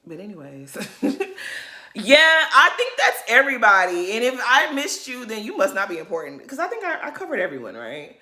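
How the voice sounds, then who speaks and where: Sassy, lively woman vlogger. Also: medium pitch, normal speed. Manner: sassy, gossipy, laughing often. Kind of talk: chatty reality TV recap. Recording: roomy echo.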